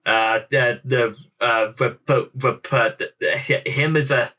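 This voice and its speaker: A man's voice: mid-range voice, fairly even intonation, slow, bright, forceful tone. A young man hosting a reaction video, rambling theatrically while putting on a thick Irish accent over his English roots. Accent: put-on Irish. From England. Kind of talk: casual reaction commentary.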